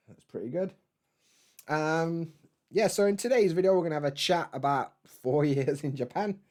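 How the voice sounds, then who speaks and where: A man's voice: fairly high pitch, animated, moderate pace, long pauses, a little mellow. A man, hosting a casual live stream from home, rambling in a laid-back way, swearing freely and answering chat.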